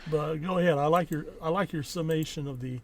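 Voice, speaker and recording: A young man chatting on a podcast, adding dry, measured comments and short agreements. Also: on the high side. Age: young adult. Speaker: podcast co-host, the son. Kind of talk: casual chat.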